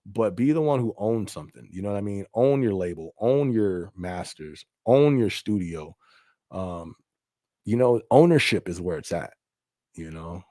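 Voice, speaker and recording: A man's voice: fairly low pitch, darkish tone, no room sound, studio quality. A man hosting a casual podcast stream, reading viewer comments aloud in a laid-back way and often checking in with "you know what I mean". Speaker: podcast host and rapper.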